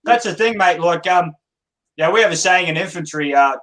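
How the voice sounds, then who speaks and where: A man's voice: sits high, expressive, moderate pace, a bit bright, rough recording. A man with an Australian accent, a former infantry soldier, talking casually and bluntly with frequent swearing. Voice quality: blunt and profane. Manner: earnest, swears freely, calls others brother and mate. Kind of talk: casual chat.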